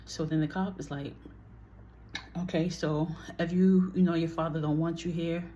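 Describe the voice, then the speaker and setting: A woman recounts a personal story straight to camera in a casual vlog. She talks bluntly and heatedly, swears freely and acts out what others said. Her voice sits fairly low and dark, with a faint hiss in the background. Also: steady tone, normal speed, dull audio.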